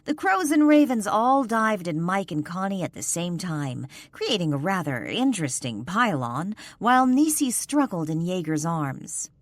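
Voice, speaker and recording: A woman narrating a paranormal romance audiobook in a measured, expressive storytelling manner. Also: lowish voice, no room sound, studio quality. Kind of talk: scripted narration.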